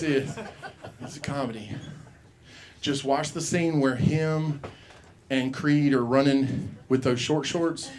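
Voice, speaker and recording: A man with a medium-pitched, darkish voice hosts an open mic at a comedy club, speaking into a handheld mic. His stand-up is rambling and profane, and he acts out the voices of the people in his stories.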